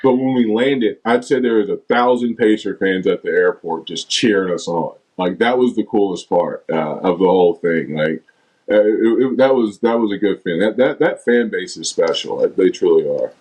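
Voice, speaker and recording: Low-voiced man telling a story. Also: moderate pace, low-quality recording. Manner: animated storyteller, acts out teammates' lines. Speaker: former basketball player, guest. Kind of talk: casual storytelling interview.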